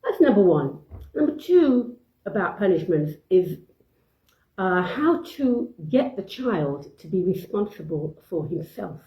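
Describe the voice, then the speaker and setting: A woman's voice: medium pitch, big pitch swings, unhurried, mellow, reverberant, low-quality recording. A woman giving informal parenting advice off the cuff, with many fillers and restarts, acting out short parent and child exchanges. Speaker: parenting speaker.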